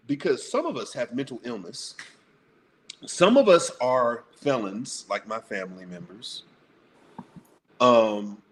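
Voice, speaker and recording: A man's voice: medium pitch, a little hiss or hum. A blunt, profane man speaking emphatically as a guest on a casual panel talk show.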